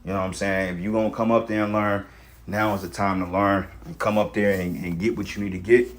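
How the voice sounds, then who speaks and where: Fast and steady in tone, this man's lowish voice carries a rambling, profane rant on religion and society. As a religious vlogger he leans on street slang and keeps saying "you know what I'm saying."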